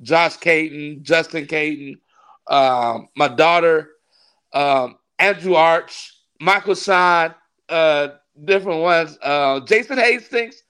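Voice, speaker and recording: A man, a pastor, tells a long story in a relaxed interview. His voice sits a little high, and he is animated, often laughing as he acts out the people in his story. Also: slow, smooth. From California. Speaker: pastor and wrestling ring announcer.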